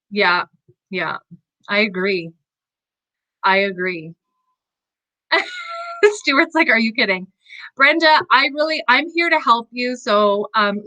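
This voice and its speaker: Effusive woman host, bright voice, dry close sound, casual live chat. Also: mid-range voice, no echo, rough recording. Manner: effusive, gushing, laughs often. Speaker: livestream host and spiritual coach.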